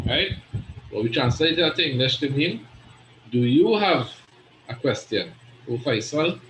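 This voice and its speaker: A man's voice: fairly high pitch, a bit bright, slight background noise. Patient man teaching in an echoey room. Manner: patient, repeats and checks with "right?". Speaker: Arabic teacher. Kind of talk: classroom lesson explaining Arabic grammar.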